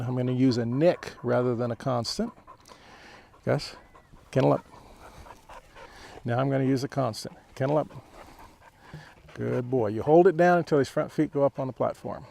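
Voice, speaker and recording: A man who trains dogs, explaining a training session in a relaxed way, chuckling often and giving the dog short commands. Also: mid-range voice, moderate pace, vocal fry, long pauses. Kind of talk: outdoor training demonstration.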